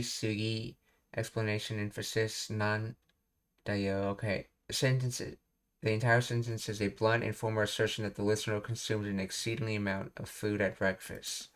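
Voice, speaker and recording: Low, flat-voiced man explaining grammar. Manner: thinks aloud with fillers, reads explanations. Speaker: language teacher. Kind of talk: casual language lesson.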